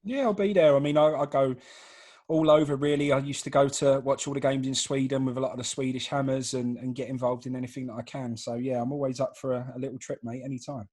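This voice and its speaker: A man talks quickly at an ordinary male pitch. He is easygoing and eager in casual podcast chat. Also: fairly even intonation, a little mellow. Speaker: podcast guest.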